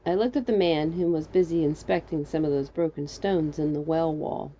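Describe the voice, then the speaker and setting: Casting: woman reader of fan fiction, dark, lowish voice, dull low-fi recording. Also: moderate pace. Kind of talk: first-person story reading.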